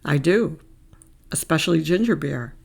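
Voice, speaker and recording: A woman's voice: sits low, lively intonation, normal speed, creaky, darkish tone, husky, full character voice. A woman voicing an easygoing Australian man who banters and jokes. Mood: friendly, joking.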